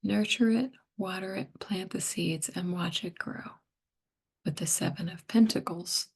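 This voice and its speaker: A middle-aged woman giving a tarot reading, hoarse and losing her voice, half whispering in a gentle, musing way. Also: medium pitch, a little slow. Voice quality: breathy, partly whispered. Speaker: tarot reader.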